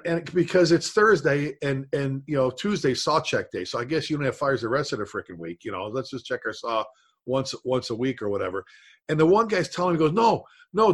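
A man's voice: fairly high pitch, husky. A middle-aged man, a firefighter and instructor, telling a story in casual chat, acting out voices and saw noises.

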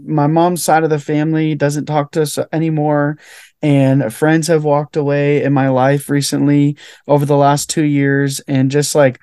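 A young man speaks as a podcast guest, telling a personal story with heartfelt earnestness and a steady stream of "like" fillers. His voice sits a little high for a man, and the sound is dry and close, with no room echo. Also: moderate pace, clean tone. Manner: heartfelt, fills speech with "like". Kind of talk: earnest personal testimony in conversation.

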